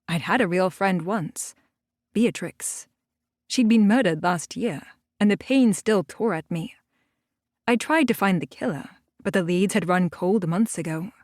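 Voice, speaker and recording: A woman's voice: medium pitch, a little mellow, dry recording. A woman narrating a first-person paranormal audiobook in a wry, dry storytelling manner, recorded on a close studio mic.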